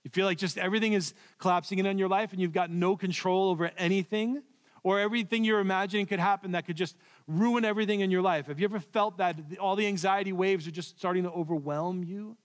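A man preaching a sermon in a church, telling the story with swings from loud to hushed. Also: high voice, fairly even intonation, quick pace. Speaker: pastor. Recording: long reverb of a large hall.

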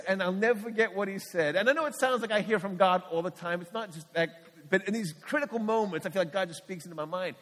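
Earnest higher-voiced middle-aged preacher in a reverberant hall. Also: male voice, quick pace, hardly any pauses, fairly bright tone. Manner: earnest, candid storytelling with frequent restarts. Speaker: missionary pastor. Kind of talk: sermon testimony.

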